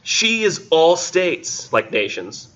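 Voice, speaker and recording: Man doing a lovestruck poet voice, high and slow, drawn-out and grand, bright, dull lo-fi sound. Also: very animated, full character voice. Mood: grandiose. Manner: slow, drawn-out, exaggerated reading. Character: lovestruck male poet grandly scolding the sun.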